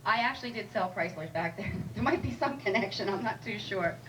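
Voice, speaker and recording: In a club, a woman delivers a chatty, wry comedy set with an expressive, mid-range voice at a fairly quick pace, teasing people in the crowd. The recording comes from a distant mic in the live room, with noise audible.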